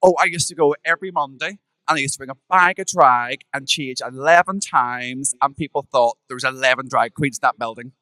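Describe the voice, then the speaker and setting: A man with a Northern Irish accent, a drag performer recalling his past with sharp, camp one-liners on a live podcast. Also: mid-range voice, fairly quick, hardly any pauses, no echo. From Northern Ireland.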